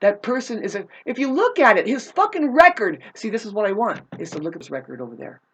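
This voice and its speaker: A woman's voice: medium pitch, big pitch swings, fast, husky. A woman telling a personal grievance in a casual, rambling monologue, agitated and profane, with frequent restarts.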